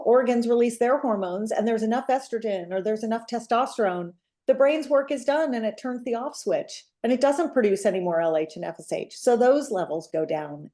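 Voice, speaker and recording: A woman pediatrician explaining in a clear, measured way. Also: on the high side, warm tone. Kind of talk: explanatory talk.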